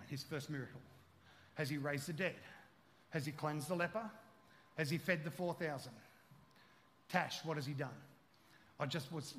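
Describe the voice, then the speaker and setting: A man preaching a sermon as pastor, joking and conversational, then building to loud emphatic peaks. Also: fairly high pitch. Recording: long hall reverb.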